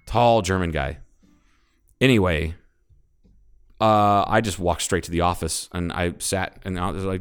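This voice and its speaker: An Ohio podcast co-host with a deep, smooth voice tells a long, expletive-filled story in an easygoing chat, unhurried and pausing often. He frequently backtracks and starts over, then pushes on with animated, blunt stress.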